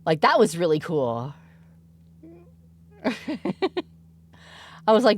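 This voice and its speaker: A woman's voice: fairly low pitch, big pitch swings, slow pace, pauses often. A woman in her thirties, a mother streaming, chatting casually and giggling often as she tells stories. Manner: giggly, laughs often while telling stories. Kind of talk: casual chat.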